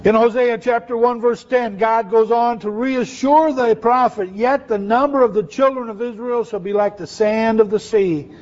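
A man's voice: very high voice, fairly even intonation, moderate pace, hardly any pauses, a little mellow, lo-fi sound. A man preaching a sermon in a conversational way, asking his listeners questions. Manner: conversational, asks the audience questions.

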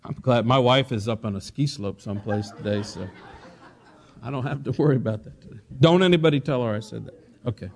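A man's voice: mid-range voice, brisk, creaky. A man preaching a sermon as a pastor, asking the congregation for responses and dropping in joking asides.

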